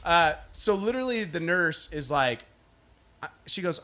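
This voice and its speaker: A man co-hosts a casual podcast, spinning a long anecdote and slipping into the voices of the people he quotes. His voice is bright and sits a little high. He laughs often as he talks. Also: normal speed. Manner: animated storyteller acting out quoted people. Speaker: podcast co-host. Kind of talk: casual chat, storytelling.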